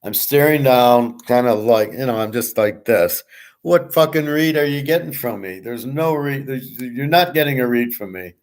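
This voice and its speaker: A man's voice: mid-range voice, animated, normal speed. A middle-aged man hosting a show, talking bluntly and with swagger, swearing freely and answering viewers in a casual monologue. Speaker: show host.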